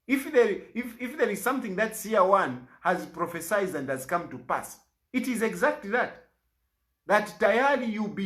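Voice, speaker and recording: A man's voice: high voice, sharp tone. A man with a Zambian accent making an aggrieved, pleading public statement, repeating himself for emphasis. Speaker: politician.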